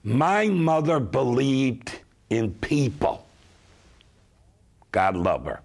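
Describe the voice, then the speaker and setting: Slow gravelly storyteller man. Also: medium pitch. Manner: slow, emphatic, lively storyteller. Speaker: guest, consumer advocate. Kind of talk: storytelling talk-show chat.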